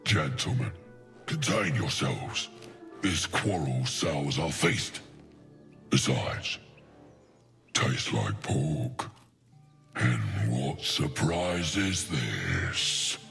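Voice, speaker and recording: A hulking game ogre, slow and menacing. The voice is extremely deep and gravelly, crawling along at a dragging pace. Its pitch still lurches up and down with brutish relish. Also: male voice, very animated, fairly bright tone, soft background music, full character voice. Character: brutish male ogre chieftain, gruff.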